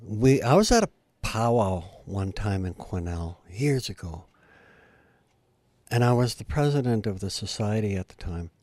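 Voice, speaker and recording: A man's voice: big pitch swings, measured pace, darkish tone, no room sound. An older man telling a heartfelt story in an interview, earnest and rising in feeling at the big moments. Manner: earnest, heartfelt, climbs in pitch and volume at emotional peaks. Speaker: guest storyteller and musician.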